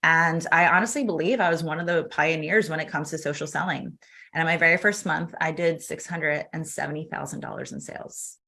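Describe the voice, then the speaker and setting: Woman guest on a podcast, kinda low voice but bright, lots of acting out what people said, laughs a lot. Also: fairly quick, creaky. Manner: animated, acts out quoted dialogue, laughs often. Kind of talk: casual storytelling interview.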